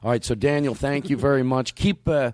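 Rambling playful host, dry sound. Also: male voice, mid-range voice, fairly quick, darkish tone, no echo. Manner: rambling, self-interrupting, playful. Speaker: podcast host. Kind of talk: casual comedy chat.

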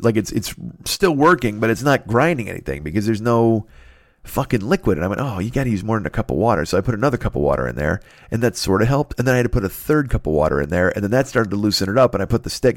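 A man hosting a podcast, telling a rambling, profane story in a casual, animated way. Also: on the low side, no room sound, clean studio sound. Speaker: podcast host.

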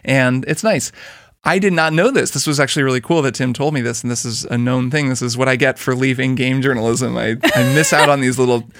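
A man's voice: medium pitch, brisk, a bit bright, no room sound. A man hosting a casual video game podcast, chatty and rambling with fillers. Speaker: podcast host.

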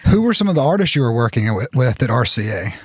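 A man's voice: medium pitch, sing-song, fast, dry recording, clean studio sound. A man hosting a podcast, asking short questions and reacting briefly. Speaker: podcast host. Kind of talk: interview questions.

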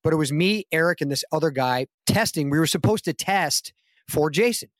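A man's voice: a little high, fairly quick, no room sound, clean studio sound. A man telling a long anecdote in a casual podcast interview, acting out quoted lines with a lifted voice. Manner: animated anecdote-telling, acts out quotes in raised voice. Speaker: guest actor.

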